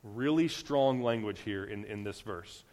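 Casual young preacher in a reverberant hall. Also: male voice, on the low side, unhurried, darkish tone. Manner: conversational, many fillers and restarts, acts out quotes. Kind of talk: casual sermon. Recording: long reverb of a large hall.

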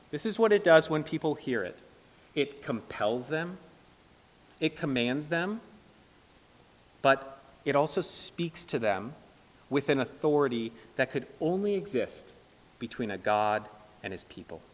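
A man preaching an earnest, emphatic sermon with dramatic pauses in a church. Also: fairly high pitch, fairly bright tone. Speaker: pastor. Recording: long reverb of a large hall.

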